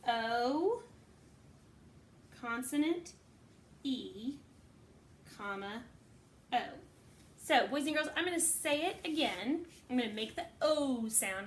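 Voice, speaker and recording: A woman's voice: on the high side, moderate pace, a bit bright, slight background noise. A woman teaching a phonics lesson to kindergarten children, patiently sounding out words.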